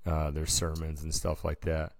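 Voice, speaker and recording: A man's voice: a bass voice, monotone, moderate pace, vocal fry. A man co-hosting a casual podcast, telling a long story in a laid-back, slangy way. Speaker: podcast co-host. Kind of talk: casual chat.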